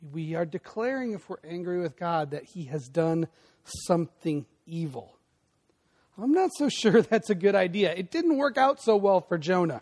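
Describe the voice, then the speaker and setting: A man preaching a sermon with a lively, swooping delivery. His voice is fairly high for a man, with a gravelly edge. He moves between loud bursts and hushed emphasis and keeps throwing conversational asides to the congregation. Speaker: pastor.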